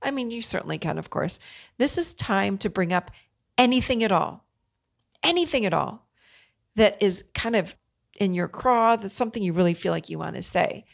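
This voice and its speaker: A woman's voice: medium pitch, animated, a little fast, creaky. A middle-aged woman hosting a podcast, talking earnestly and coaching her listeners directly. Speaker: podcast host. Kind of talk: solo podcast talk.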